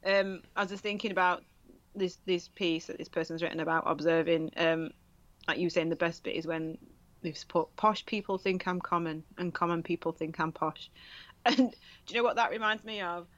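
A woman from southern England chats casually as a podcast co-host, laughing and acting out little quotes from others. Her voice is on the low side at normal speed, and the recording is dry and lo-fi.

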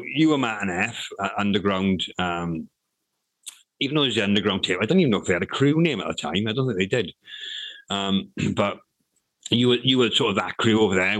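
A man's voice: on the low side, fairly bright tone, dry recording, poor audio. A middle-aged man, telling stories in a casual interview, rambling with restarts and swearing freely. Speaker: interview guest, rapper.

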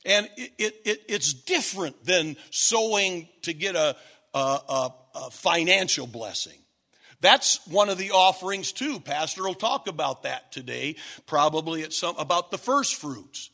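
A man preaching a sermon, emphatic and building stacked, repeated phrases, sometimes rising to a shout. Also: a little high, animated, a little slow.

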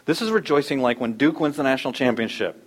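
A man preaching a sermon, animated, acting out quoted voices in loud, high bursts. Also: fast talker. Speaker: pastor.

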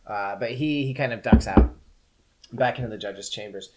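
A man running a tabletop game as game master, narrating in a lively, jokey way. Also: on the low side, moderate pace, crowd noise.

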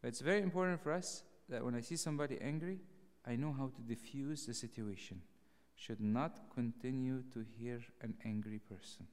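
Man, clergy, bible study sermon, animated, acts out dialogue, echoing church hall. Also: medium pitch, moderate pace. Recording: long hall reverb.

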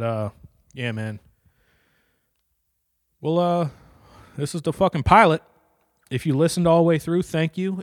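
A young man hosts his own podcast solo, rambling bluntly and profanely into a handheld stand-up comedy mic mounted on a stand. His voice is medium-pitched, and the recording is dry and clean, with studio quality.

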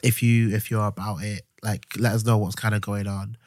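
A man's voice: lowish voice, brisk. Easygoing young man. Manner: relaxed, easygoing with filler words. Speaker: podcast co-host. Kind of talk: casual chat.

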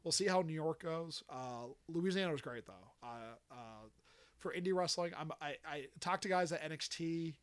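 A podcast host shares stories in casual conversation, animatedly acting out the quoted dialogue. He has a fairly high-pitched voice and a moderate pace.

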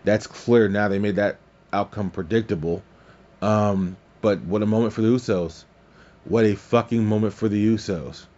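A man hosting a podcast, recapping wrestling in casual, excitable talk, swearing freely and laughing at his own slips. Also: fairly low pitch, dull audio. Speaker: podcast host.

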